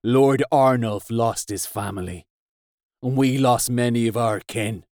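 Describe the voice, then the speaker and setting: A man reading aloud who voices a bitter, grieving chieftain, his words slow and strained. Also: mid-range voice, darkish tone, dry recording, clean studio sound, lightly acted. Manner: slow, strained, each word forced out.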